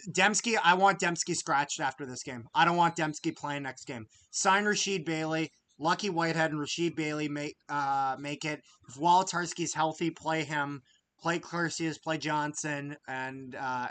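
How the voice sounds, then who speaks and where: A man giving emotional live fan commentary on a game, swinging between low grumbling and excited outbursts, often stammering and repeating words. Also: normal speed.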